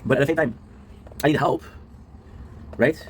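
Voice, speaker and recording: A man in his twenties, a streamer and video creator, talking in a casual confessional monologue. He sounds low and worn out, rambling, tagging lines with a question and swearing often. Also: normal speed, a little hiss or hum, rough recording. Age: 20s.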